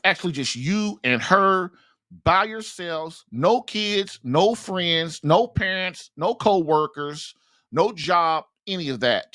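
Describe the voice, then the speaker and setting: Sharing marriage tips in a rambling, chatty monologue, the male podcast host is frank and folksy and keeps laughing at what he says. His high-pitched voice sounds pushed and bright.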